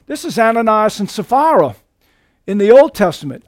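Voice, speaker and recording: A man's voice: high-pitched, expressive, fairly quick, a little mellow, no echo, studio quality. A man preaching a sermon as pastor, emphatic and rising sharply for emphasis.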